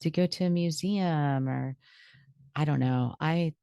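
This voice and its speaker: A woman host talks through her thoughts on a podcast, casual and thoughtful, peppered with "like". Her voice is very low and gravelly, recorded dry and close with no room sound. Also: measured pace, warm tone, no echo. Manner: thoughtful, lots of "like".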